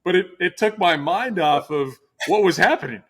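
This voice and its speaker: A man's voice: sits high, expressive, normal speed. A middle-aged man hosting a casual interview, talking in a rambling way with many restarts. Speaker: podcast host.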